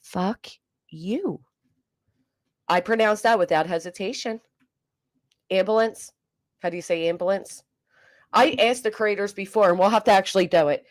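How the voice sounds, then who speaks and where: A woman's voice: medium pitch, brisk, long pauses. A woman, hosting a casual livestream, reading comments and joking bluntly with swearing. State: coughing. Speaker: livestream host.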